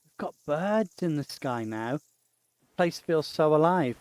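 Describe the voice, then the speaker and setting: Guy streaming a game, cracking jokes and chattering to himself, a bit high voice. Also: lively intonation, a little slow, darkish tone, clear, resonant tone, no room sound. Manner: joking, chatty, talks to himself. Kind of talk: casual gaming commentary.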